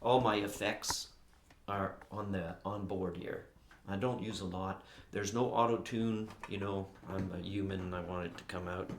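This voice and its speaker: A man's voice: sits low, steady tone, moderate pace, slight background noise. A man, a songwriter, talks casually and rambles through how he writes his songs, filmed in his home music room. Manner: rambling, often says "anyway" and "blah, blah, blah". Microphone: camera unit on a chair.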